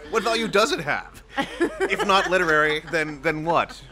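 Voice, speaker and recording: A man's voice: fairly high pitch, lively intonation, normal speed, a crowd in the background. A man interviewing an author, asking probing questions with a wry, list-building manner. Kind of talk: literary interview.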